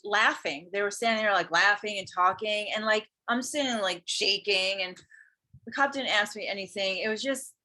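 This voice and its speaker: A yoga and spirituality teacher from Hawaii tells a personal story in casual conversation, earnest and animated. Her voice is medium in pitch.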